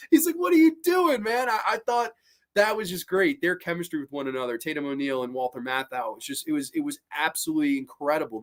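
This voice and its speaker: A quick-talking man hosts a loose live-stream movie chat. He rambles, curses freely and gets animated as he riffs. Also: on the high side. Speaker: host.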